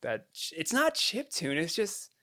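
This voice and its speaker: A man's voice: high voice, huge pitch swings, a little slow, sharp tone, no room sound, studio quality. A man co-hosting a podcast, talking in casual, joking banter that is often profane. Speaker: podcast co-host. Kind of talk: casual chat.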